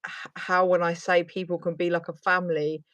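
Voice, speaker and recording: A woman's voice: lowish voice, flat delivery, moderate pace, fairly bright tone, dry recording. A woman hosting a casual interview, asking long rambling questions full of fillers. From United Kingdom. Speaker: host.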